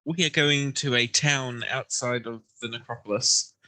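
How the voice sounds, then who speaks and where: A man playing a tabletop game, speaking hesitantly with frequent pauses and fillers. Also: mid-range voice, steady tone, bright, forceful tone. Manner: hesitant, many "uh"s. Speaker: player. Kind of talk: casual tabletop game chat.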